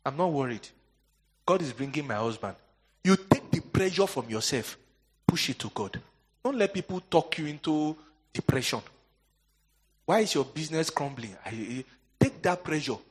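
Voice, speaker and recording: A male pastor preaching a sermon. He leaves questions hanging for the congregation to answer and swings between soaring emphatic lines and quiet asides. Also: a little high, husky.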